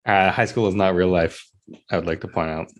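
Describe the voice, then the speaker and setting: Very deep-voiced man recapping an episode. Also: brisk. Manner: recaps scenes, putting on voices for characters. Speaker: podcast co-host. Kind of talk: casual chat.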